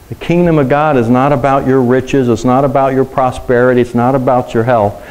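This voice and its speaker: A man's voice: medium pitch, fairly even intonation, fairly quick, few pauses, a little mellow, low-quality recording. A middle-aged man, a pastor, preaching a sermon to a congregation, telling personal stories in a conversational way and asking the room questions.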